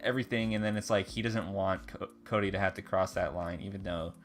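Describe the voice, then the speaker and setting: A man's voice: low voice, fairly even intonation, fairly quick. A man co-hosting a casual podcast, talking eagerly and tripping over his words. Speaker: podcast co-host. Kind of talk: casual chat.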